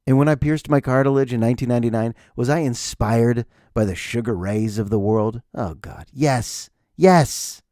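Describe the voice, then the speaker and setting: A man's voice: medium pitch, steady tone, moderate pace, few pauses, mellow, no room sound, clean studio sound. A man in his forties hosting a podcast, telling stories casually and sarcastically and acting out the people in them. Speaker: podcast host. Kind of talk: casual solo storytelling.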